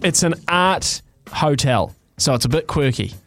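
A man's voice: a little high, expressive, a little slow, a bit bright, faint music behind. A man co-hosting a radio show, chatting casually and jokily through light news stories with plenty of fillers. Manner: chatty, jokey, rambling with fillers. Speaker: radio co-host.

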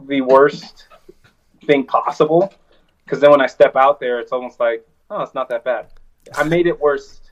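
A man's voice: medium pitch, muffled recording. A man talking as a wrestler guest in a casual interview, telling stories in a loose, rambling way.

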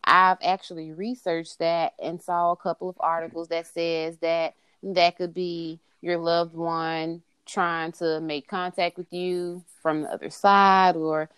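A woman's voice: lowish voice, level tone, unhurried, few pauses, fairly bright tone, clear, resonant tone, dry recording. A woman chatting casually, rambling with fillers and repeated words. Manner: conversational, lots of fillers and repeats. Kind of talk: casual chat.

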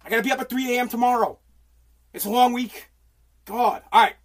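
A man's voice: very high-pitched, steady tone, a little fast. A middle-aged man from the United States in his home basement, ranting on a casual livestream in a profane, exasperated, pleading way. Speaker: livestream host.

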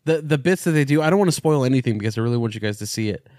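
Podcast co-host, middle-pitched man, gushing and profane. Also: racing, dry recording, clean studio sound. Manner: excitable, profane enthusiasm. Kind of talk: casual comedic chat.

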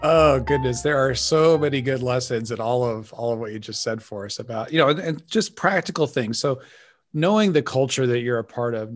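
A man hosting an interview podcast, summarizing the guest's points and asking follow-up questions in an affirming way. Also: medium pitch. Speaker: podcast host. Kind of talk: interview host.

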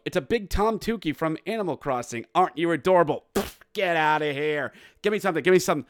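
Man, hockey recap host, excitable play-by-play, shouted goal calls, self-mocking jokes, slightly high voice, dry close sound. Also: quick pace, few pauses, no echo. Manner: jokey, self-mocking asides. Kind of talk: casual game recap with play-by-play.

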